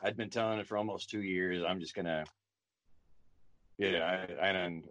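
Deep voiced guy in his 40s, chatty and self-deprecating, dry close mic. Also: steady tone, moderate pace, fairly bright tone, dry recording. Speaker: comedian guest. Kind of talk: casual interview chat.

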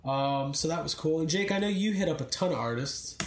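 A man's voice: a little high, expressive, brisk, a crowd in the background. A man co-hosting a podcast, telling rambling stories in casual chat and laughing often. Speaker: podcast co-host. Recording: roomy echo.

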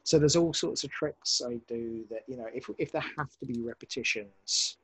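A man, a podcast director, talking casually in an interview, animated and rambling with many restarts. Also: mid-range voice, moderate pace, husky, rough recording.

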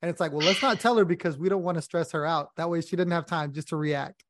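A man's voice: a little high, fast, no room sound, clean studio sound. A man co-hosting a sports podcast, talking through team analysis fluently. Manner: fluent, steady analytic breakdown. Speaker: podcast co-host.

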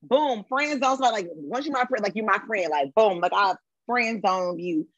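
A woman's voice: mid-range voice, expressive, normal speed, dry recording, lo-fi sound. A woman talking as a guest in a casual podcast chat, loose and conversational, circling back with fillers. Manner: conversational, repeats filler words.

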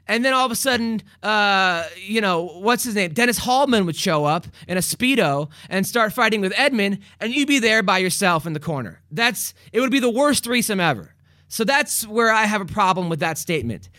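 A man's voice: high voice, lively intonation, brisk, sharp tone, no echo, clean studio sound. A male comedian rambling through a casual comedic monologue, joking and restarting his sentences often.

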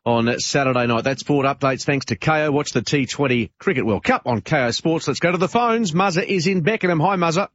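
A man's voice: on the high side, a little fast, few pauses, fairly bright tone, highs cut off. A man with an Australian accent co-hosting sports talkback radio, giving candid, emphatic opinions and taking calls.

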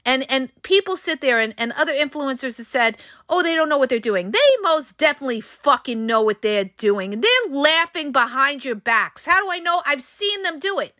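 A woman's voice: high-pitched, lively intonation, normal speed, few pauses, pushed and bright, dry recording, studio quality. A woman hosting a solo podcast, talking passionately and bluntly to her listeners, with emphatic delivery. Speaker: podcast host and coach.

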